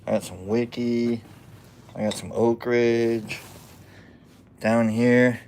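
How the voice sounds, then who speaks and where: A man's voice: medium pitch, flat delivery, takes it slowly, pauses often, darkish tone, a little hiss or hum. A man with a Nebraska accent chatting casually on a livestream, joking about himself and often trailing off into a mumble. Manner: joking, self-deprecating, often drops to a mumble. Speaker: host of a mushroom-growing livestream. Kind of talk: rambling casual livestream chat.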